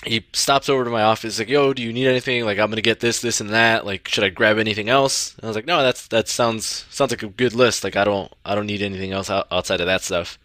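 A man's voice: fairly low pitch, fast talker, hardly any pauses, no echo. A young man chatting casually as a podcast co-host, laughing easily and bantering. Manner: laughs often, relaxed banter. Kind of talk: casual chat.

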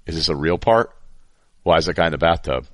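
A man's voice: low-pitched, animated, fairly bright tone, no room sound, clean studio sound. A man impersonating his bewildered older father, who fires off puzzled questions while watching a movie. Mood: baffled. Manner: puzzled, rapid-fire questioning. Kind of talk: comic impression in podcast chat.

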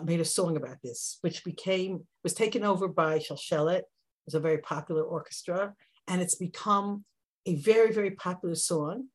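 A woman giving a Bible class, animated and husky, swinging from soft asides to loud emphatic bursts. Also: medium pitch. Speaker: Torah teacher.

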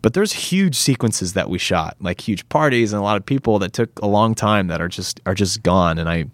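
A man talks as a guest in a relaxed interview. He rambles in an animated way and slips into acting out lines as he tells stories. The sound is dry, with no room around it. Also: fairly low pitch, normal speed, dry recording. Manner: animated, rambling, acts out quotes. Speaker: actor guest. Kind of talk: casual interview chat.

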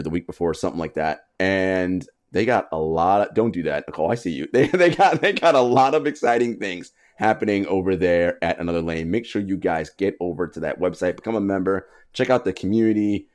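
A man hosting a podcast in casual chat, laughing often and animated. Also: low voice. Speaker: podcast host.

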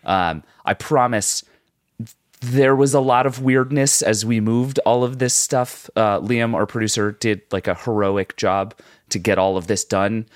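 Deep, husky man with a sore throat. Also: fairly even intonation, measured pace, no echo, clean studio sound. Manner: explanatory, chatty. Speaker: podcast co-host. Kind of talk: casual chat.

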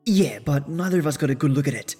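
A man voicing a carefree, playful young woman who talks in a high, insistent, girlish way. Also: lively intonation, fast talker, mellow, breathy edge, faint music behind.

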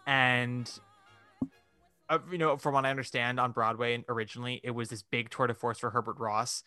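A man co-hosts a casual podcast chat in a lively way. He acts out little quoted reactions and leans on "like". His voice is bright, and the sound is dry and close. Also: mid-range voice, a little fast, clear, resonant tone, no room sound, soft background music. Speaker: podcast co-host. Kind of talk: casual chat about musical theatre.

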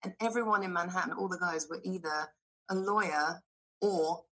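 A woman in her thirties chats as a podcast guest, her voice bright and ringing. She tells her stories with animated energy, swearing and laughing freely as she goes. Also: fairly low pitch, normal speed. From Britain. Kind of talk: casual chat.

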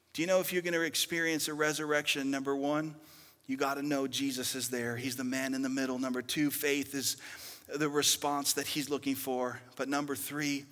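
A young male pastor preaching a sermon, swinging dramatically between loud outbursts and hushed whispers. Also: mid-range voice. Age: young adult. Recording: reverberant hall.

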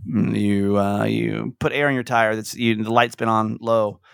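A man's voice: fairly low pitch, little pitch movement, moderate pace, vocal fry, clear, resonant tone, no room sound, studio quality. A man hosting a podcast, telling a rambling, emotional story in casual chat. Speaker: podcast host.

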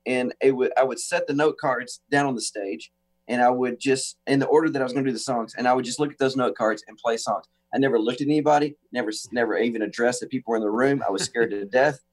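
A guest musician from the United States, speaking at medium pitch on a talk show, tells an animated story with acted-out quotes and keeps restarting his sentences.

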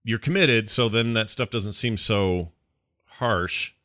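A man's voice: fairly low pitch, slow, pushed and bright, no echo, clean studio sound. A man in his forties co-hosting a podcast, chatting casually with a joking, self-deprecating manner. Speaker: podcast co-host. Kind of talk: casual chat.

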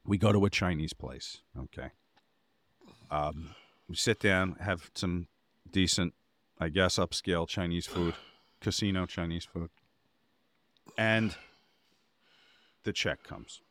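A man's voice: low voice, takes it slowly, pauses often, a bit bright. A man co-hosting a podcast, telling a rambling anecdote in casual chat and getting exasperated as he goes. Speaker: podcast co-host.

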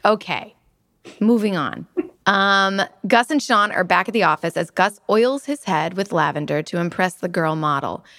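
A woman's voice: fairly low pitch, expressive, fairly bright tone, no echo, clean studio sound. A woman co-hosting a podcast, chatting casually and giggling as she recaps episodes. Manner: giggly, recaps plot briskly. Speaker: podcast co-host. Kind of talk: casual rewatch podcast chat.

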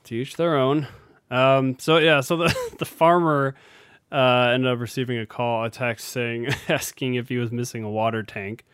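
A man's voice: medium pitch, steady tone, normal speed, fairly bright tone, clean tone, dry recording, clean studio sound. Chuckling man in casual podcast chat. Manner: laughs often, rambling with restarts. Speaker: podcast co-host.

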